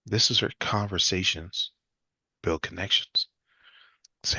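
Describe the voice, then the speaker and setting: A man teaching a live sales class, acting out lively client conversations as examples. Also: moderate pace, slightly rough, dry recording, highs cut off. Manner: energetic, acts out client dialogue with jumps in pitch. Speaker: sales trainer.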